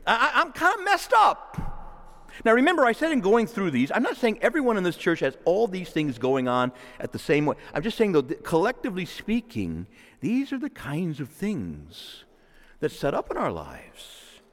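A man delivers a homily from the pulpit with a lively, swooping voice that sits a little high for a man. He shifts between fervent, raised passages and soft, prayerful asides. His words ring out with the long reverb of a church hall. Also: moderate pace. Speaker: priest. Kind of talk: sermon.

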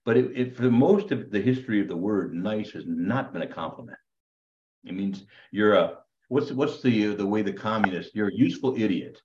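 A man, a priest, teaching a Bible class over a video call in an animated, preachy way with quick asides. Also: on the low side, roomy sound, dull audio. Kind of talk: online class lecture.

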